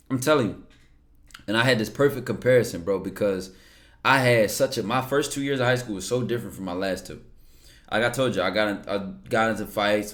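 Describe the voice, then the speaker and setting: Casually talking on stream, a young man with a medium-pitched, fairly bright voice gives blunt answers to viewer questions. Slang and swearing run throughout, along with repeated words.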